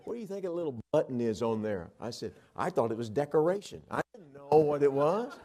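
A man preaching a sermon, telling stories and swinging between loud emphatic lines and hushed ones. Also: on the high side, lively intonation, a little fast, hardly any pauses.

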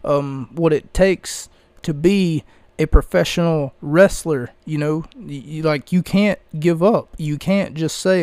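A man's voice: fairly high pitch, measured pace, a little mellow, dry recording. A man hosting a podcast, talking casually and rambling with lots of fillers into a close microphone. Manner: rambling, chatty, frequent fillers. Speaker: podcast host. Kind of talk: casual solo commentary.

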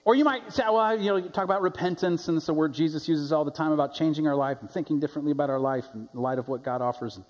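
Husky-voiced pastor preaching a sermon. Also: male voice, fairly high pitch, rapid-fire, hardly any pauses, darkish tone. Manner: conversational storytelling, rising to emphatic preaching. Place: church sanctuary. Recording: long church-hall reverb.

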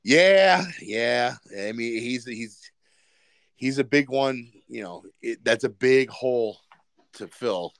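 A man co-hosts a relaxed sports podcast, wandering through his points with frequent fillers and false starts. His voice sits at an ordinary middle pitch. The recording is dry and close, with no room sound. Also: slow, no room sound. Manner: rambling, many fillers and restarts. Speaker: podcast co-host. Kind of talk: casual sports chat.

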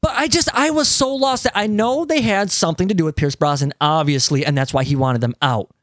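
A man hosting a casual movie discussion podcast, animated and steering the talk back on track, swearing now and then. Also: sits high, brisk, dry recording, clean studio sound. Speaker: podcast host.

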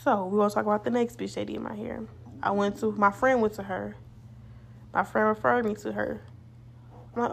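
A woman's voice: mid-range voice, flat delivery, moderate pace, gravelly, pauses often, slight background noise. A young woman hosting a podcast, telling a casual storytime monologue in a blunt, profane, rambling way. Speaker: podcast host.

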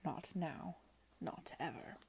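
A woman reading the part of a brooding, possessive young gentleman in a low, hushed, intense way. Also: slow pace, gravelly, in a whisper.

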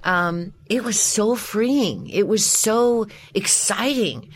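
A woman's voice: mid-range voice, expressive, slow, slightly rough. A middle-aged woman, a voice coach and voice actress, explaining her craft with enthusiasm in a casual podcast interview.

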